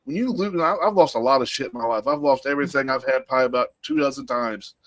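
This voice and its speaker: A man's voice: mid-range voice, fast, fairly bright tone, no room sound. A man from the United States hosting a casual podcast, talking in a rambling way and repeating his words as he reflects. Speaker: podcast host. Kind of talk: casual chat.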